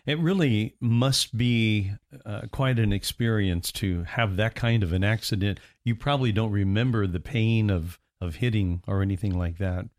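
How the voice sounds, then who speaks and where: A man's voice: fairly low pitch, normal speed, hardly any pauses. A man hosting an interview, listening closely and chiming in with short agreements and questions. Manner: supportive listener, frequent murmured agreement. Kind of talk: casual interview.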